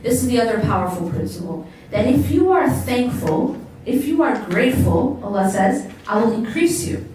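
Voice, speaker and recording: An American woman with a fairly high voice gives a motivational religious lecture to a live audience. She keeps turning questions back to her listeners and leans on repeated words for emphasis. Her voice sounds far from the mic and rings through a very reverberant hall. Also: sing-song, moderate pace, few pauses, darkish tone, a little hiss or hum. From United States. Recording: very echoey hall, distant mic.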